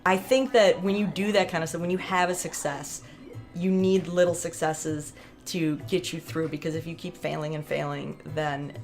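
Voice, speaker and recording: A woman's voice: low voice, steady tone, normal speed, soft background music. A woman vlogger talking casually to camera, chatty and rambling, laughing often.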